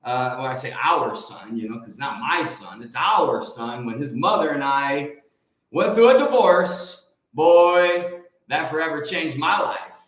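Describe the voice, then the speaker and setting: A man's voice: a little high, animated, unhurried, a bit bright. A man hosting a casual morning livestream, greeting viewers by name and making emphatic, preachy points. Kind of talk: casual live-stream chat with viewers. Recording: very echoey room.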